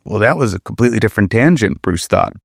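A man narrating a comedic story with wry, deadpan asides. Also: lowish voice, fast talker, gravelly, no room sound, clean studio sound.

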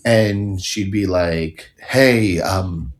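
A man improvising a dim, earnest masked henchman who takes his acting far too seriously. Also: low voice. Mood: rambling. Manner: self-serious, rambling, halting. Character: dim, earnest male henchman actor in a mask. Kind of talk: improvised comedy interview.

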